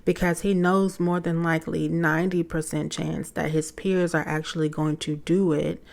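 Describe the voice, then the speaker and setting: A woman's voice: deep voice, moderate pace, gravelly. A woman in her thirties hosting a casual talk, candidly telling a story about her teenage son and acting out quoted lines. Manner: candid, animated, acts out quotes in conversation. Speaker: podcast host, mother of a teen.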